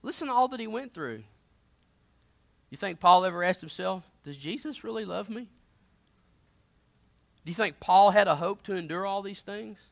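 A man preaching a sermon in a conversational style, moving between loud emphatic bursts and quiet asides. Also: high-pitched, lively intonation, normal speed, gravelly, long pauses.

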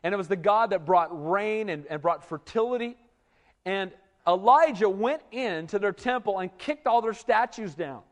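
A man's voice: high voice, normal speed, big-room sound. A man preaching a sermon as a pastor, talking conversationally and often tossing "right?" to the congregation. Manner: animated, conversational preaching with frequent "right?" asides. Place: church.

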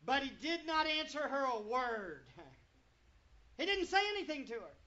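A pastor preaching a sermon to a congregation, full of rhetorical questions and swinging between loud and quiet. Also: sits high, sing-song, moderate pace. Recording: dull lo-fi recording.

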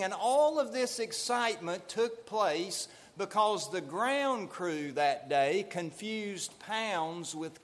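A man preaching a Sunday sermon in a slow, deliberate, measured way. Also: high-pitched, fairly bright tone. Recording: long hall reverb.

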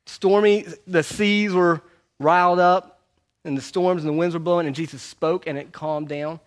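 Man preaching, conversational, repeats key lines, a bit high-pitched. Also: fairly even intonation, normal speed. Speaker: pastor. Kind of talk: sermon teaching through a book.

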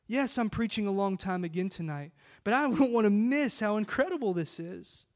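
High-voiced man preaching a sermon. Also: expressive, moderate pace. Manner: emphatic, rhetorical questions. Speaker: pastor.

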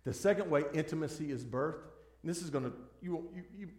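A man's voice: fairly high pitch, fairly quick, a little mellow. A man preaching a sermon as pastor, earnest and pleading, often restarting his sentences. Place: church sanctuary. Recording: echoey church room.

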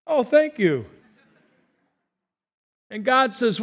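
A man preaching a sermon as pastor, telling stories and acting out voices, swinging between soft and loud. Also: sits high, animated, unhurried, pauses often. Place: church sanctuary. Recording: long reverb of a large hall.

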